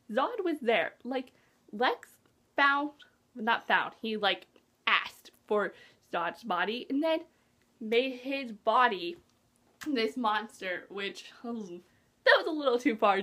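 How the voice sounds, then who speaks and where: A woman with a slightly high voice, chatting casually as she reviews a movie for her vlog. She talks in an excitable rush, gasping now and then and dropping into whispers, with lots of "like" fillers. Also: slow pace. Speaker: movie vlogger.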